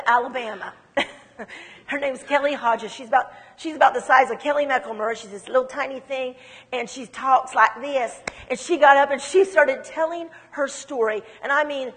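A woman telling her testimony in a sermon, in an animated, emphatic storytelling manner. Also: high-pitched, big-room sound. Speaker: speaker giving testimony.

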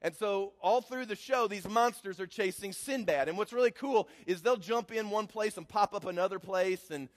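A man's voice: high voice, moderate pace, hardly any pauses, in a large hall. A man telling a personal story in a sermon as a preacher, building to emphatic preaching.

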